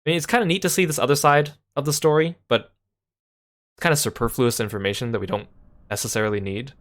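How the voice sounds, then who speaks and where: A man's voice: medium pitch, steady tone, fast, fairly bright tone. A man hosting a let's play, making wry, chatty remarks about the story. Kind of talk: casual game commentary.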